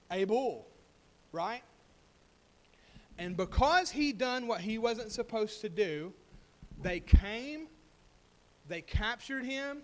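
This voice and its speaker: A man's voice: sits high, fairly bright tone. A man preaching a sermon, telling a story and building to emphatic, rising points. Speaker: pastor.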